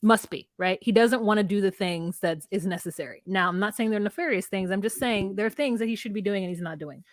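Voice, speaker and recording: A woman's voice: medium pitch, fast, hardly any pauses, no room sound, studio quality. A woman co-hosting a podcast, making emphatic, sarcastic points in casual chat. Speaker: podcast co-host.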